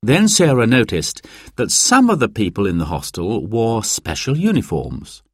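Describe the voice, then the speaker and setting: A man giving a slow, clear, expressive narration of a children's storybook. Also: fairly low pitch, dry recording, clean studio sound. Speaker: audiobook narrator.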